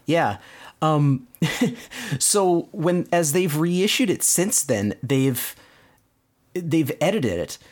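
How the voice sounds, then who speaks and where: Man, podcast host, slow unhurried delivery, very lively pitch, storytelling recap. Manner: storytelling, recounts plots in detail. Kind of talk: casual cartoon recap chat.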